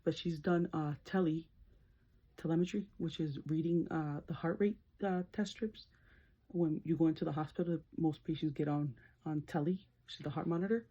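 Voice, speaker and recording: A woman's voice: moderate pace, husky, highs cut off. A woman vlogger telling a story in a casual, chatty way while doing her makeup, laughing as she talks. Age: adult, works as a nurse. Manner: chatty and animated, laughs, slips into high-pitched screams when retelling. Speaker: beauty vlogger.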